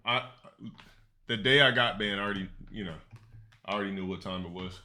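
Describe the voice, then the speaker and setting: A man's voice: lowish voice, brisk, sharp tone. A man chatting casually on a live stream, profane and boastful, laughing between remarks.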